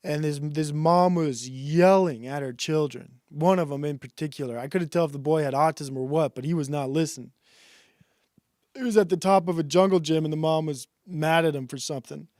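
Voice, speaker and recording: Man, thirties, sarcastic deadpan rant, rambling, dry close sound. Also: a little high, moderate pace, no echo. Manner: rambling, loose delivery with restarts. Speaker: stream host. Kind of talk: satirical monologue.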